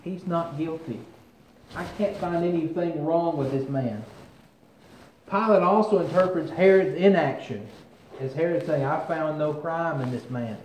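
A man delivers a sermon, reading scripture with mounting force and then talking it through conversationally. His voice sits a little high. The room is echoey, with a faint hum of ambience behind him. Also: measured pace, a little mellow. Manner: reads scripture aloud with rising force, comments conversationally. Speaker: preacher.

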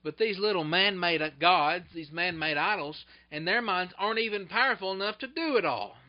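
A male preacher giving a sermon, retelling scripture in an animated way that swings between loud bursts and hushed asides. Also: high-pitched, normal speed. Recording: dull lo-fi recording.

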